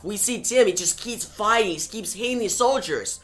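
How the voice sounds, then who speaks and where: A man casually retelling a comic story, excitable and eager. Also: high voice, moderate pace, few pauses. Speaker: comic reviewer.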